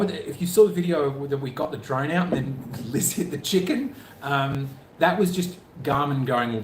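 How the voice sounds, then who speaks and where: A man co-hosting a travel live stream in casual chat, joking and rambling with many restarts. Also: mid-range voice. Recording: echoey room, faint background noise.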